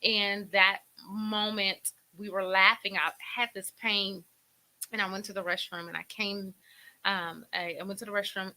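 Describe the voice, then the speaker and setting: A middle-aged woman hosting a faith talk show, sharing a deeply emotional personal testimony in a preacherly way, often repeating her words. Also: bright, forceful tone, rough recording.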